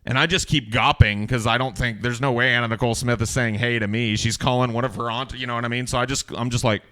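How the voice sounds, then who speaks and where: A man's voice: mid-range voice, fairly even intonation, quick pace, sharp tone. A man hosting a casual podcast chat, telling stories with a lot of profanity and acting out the people he quotes. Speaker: podcast host.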